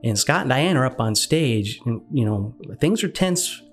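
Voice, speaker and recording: Over soft background music, a guest shares his testimony, earnestly recounting a personal faith story and acting out the dialogue along the way. His voice sits at medium pitch, and he speaks a little slowly, quoting lines with animation.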